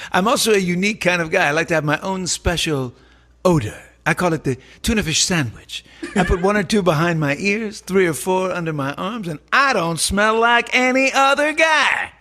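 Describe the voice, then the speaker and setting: A man impersonating a smug, swaggering male stand-up comic who delivers boastful deadpan punchlines. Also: high voice, moderate pace, exaggerated voice.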